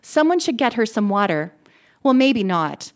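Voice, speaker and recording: A woman reading the lines of a scheming female killer who talks in a calm, falsely kind way. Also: on the high side, normal speed. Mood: cold, calm.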